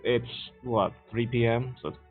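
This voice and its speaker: A man's voice: medium pitch, fairly even intonation, normal speed, faint music behind. A man playing a tabletop game, blunt and teasing in casual chat. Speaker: player. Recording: phone-like voice chat.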